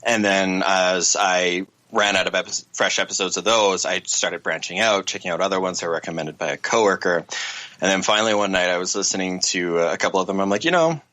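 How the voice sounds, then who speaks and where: Bright-voiced man, rambling guest chat. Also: low-pitched, steady tone, a little fast. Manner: rambling, self-deprecating, many fillers. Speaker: podcast guest. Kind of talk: casual chat.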